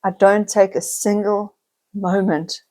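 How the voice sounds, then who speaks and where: A woman's voice: mid-range voice, little pitch movement, slow pace, mellow. A middle-aged woman, talking to camera in a heartfelt, confiding personal vlog, near tears at times. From South Africa. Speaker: vlogger.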